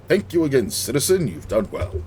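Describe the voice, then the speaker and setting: A man's voice: medium pitch, very animated, fairly quick, darkish tone, a little hiss or hum, voice pushed up, lightly acted. A man reading aloud as a grateful male city official in a game, in a mock-formal way.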